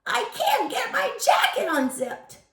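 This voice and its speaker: A small first-grade boy with a croaky little voice, as a woman reading a storybook puts him on. He sounds very high and thin, with an echo from the room around him. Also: wildly swooping pitch, a little slow, pushed and bright, heavily acted. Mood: pleading.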